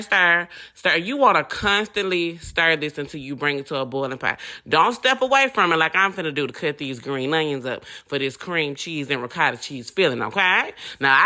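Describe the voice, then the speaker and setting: A woman's voice: sits low, bright, forceful tone. A woman with a Southern accent hosting a casual cooking tutorial, folksy and chatty, calling her viewers honey. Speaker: cooking show host.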